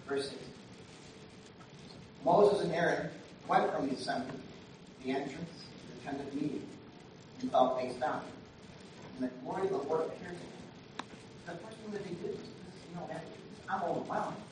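A man preaching a sermon in a conversational way that swings between quiet asides and loud, emphatic bursts, recorded from far off in a very echoey church hall with faint noise. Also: on the high side, expressive, moderate pace, pauses often. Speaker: pastor.

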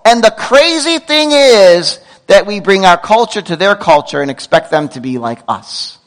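A middle-aged man preaching a sermon as pastor, telling stories with lively asides and quick self-corrections. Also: high voice, low-quality recording.

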